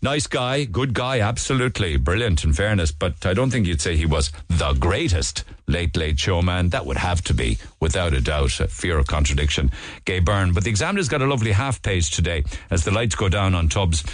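Irish male radio host, low voice, rambling chatty newspaper review, dry studio sound. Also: lively intonation, a little fast, dry recording. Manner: chatty and digressive, with frequent restarts and asides. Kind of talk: casual newspaper review chat.

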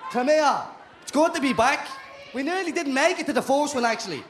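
A man's voice: extremely high pitch, animated, a little fast. A young man with a Dublin accent, co-hosting a live podcast show and trading cheeky, sweary banter with the audience. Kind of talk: live stage banter with crowd. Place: live venue before an audience. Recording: echoey venue, noisy crowd.

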